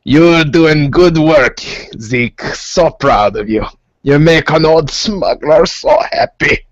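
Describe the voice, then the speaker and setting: A man's voice: fairly high pitch, lively intonation, dry recording. A man voicing a sentimental old male alien smuggler boss who fawns over his courier in a tabletop game. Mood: fawning. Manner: oily, drawn-out, fawning. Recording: dull dry lo-fi recording.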